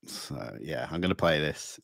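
A man hosting a live interview over a video call, talking in a relaxed, friendly way. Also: very deep voice, moderate pace, gravelly, no room sound, clean studio sound. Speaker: host.

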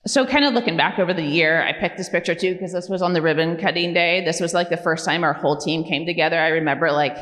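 A woman's voice: on the low side, fast talker, hardly any pauses, a bit bright. A woman directing a program, giving an informal, conversational presentation at a community meeting, with frequent ums and tag questions. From California. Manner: conversational, many fillers like "um" and "right?". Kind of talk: informal presentation to a public audience. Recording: long reverb of a meeting hall.

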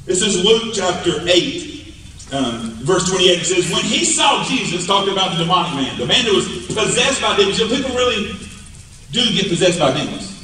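Male preacher, animated sermon storytelling; roomy hall reverb, faint background noise. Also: high-pitched, far from the mic. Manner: animated storytelling, rising to emphatic peaks. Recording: echoey hall, mic from afar.

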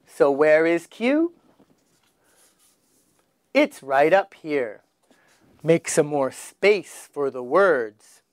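A man teaching children their letters, slowly sounding out each one with exaggerated emphasis. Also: on the high side, sing-song, no echo, studio quality. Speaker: English teacher. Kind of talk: children's phonics lesson.

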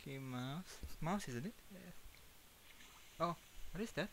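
Man with an Indonesian accent, horror game playthrough, nervous repetition, lively pitch, slow unhurried pace, faint hiss. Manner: jumpy and nervous, repeats phrases in panic, laughs it off. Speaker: gaming YouTuber. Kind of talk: horror game let's-play.

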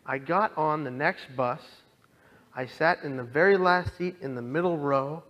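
A young man earnestly telling his own story as a talk, moving from quiet to impassioned. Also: fairly high pitch, a little slow. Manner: earnest, swings from hushed to impassioned. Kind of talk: personal testimony talk.

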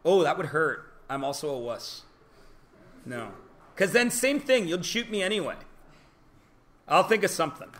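A man's voice: on the high side, sharp tone. A male teacher giving a joking, self-deprecating classroom lecture to his students.

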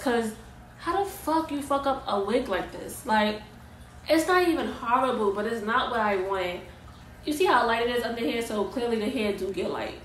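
A young woman telling a heated, profane storytime rant about a ruined wig, vlog style. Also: fairly high pitch. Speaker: vlogger and wig maker. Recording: echoey room, faint ambient noise.

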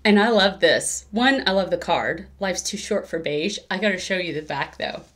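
A woman's voice: on the low side, animated, moderate pace, fairly bright tone. A woman chatting casually on her cross-stitch vlog, rambling, correcting herself as she goes and laughing often. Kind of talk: casual crafting vlog chat.

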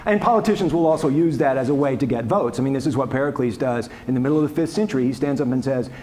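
A male historian fielding questions from a lecture audience, at an ordinary middle pitch. He talks in a loose, wry, conversational way, restarting sentences and tossing in asides. A faint hiss sits under the voice. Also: fast, darkish tone. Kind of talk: lecture Q&A answers. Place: lecture hall.

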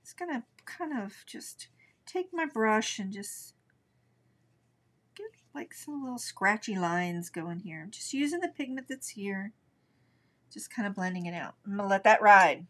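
A middle-aged woman leads a live art lesson, talking through each brushstroke in a relaxed, chatty way. She thinks out loud and answers viewers as she paints. Her voice sits at an ordinary middle pitch. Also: a little slow. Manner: chatty, thinks aloud while working. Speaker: art instructor.

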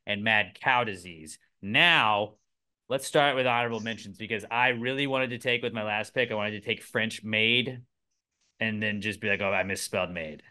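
A young man hosting a casual podcast chat, jokey and animated, jumping between loud bursts and low mutters. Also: normal speed. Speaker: podcast host.

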